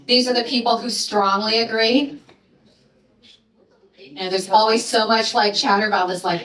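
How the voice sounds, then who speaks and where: A woman presenting her research to an audience in a lecture, chatty and playful, with quick asides. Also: on the high side, fairly even intonation, fairly bright tone. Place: lecture hall. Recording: echoey hall from a distance.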